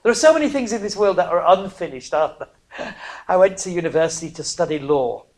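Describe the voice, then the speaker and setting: A preacher, giving a sermon that swings from hushed near-whispers to loud, emphatic cries, broken by chatty, self-mocking asides. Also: medium pitch, lively intonation, fast talker. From northern England.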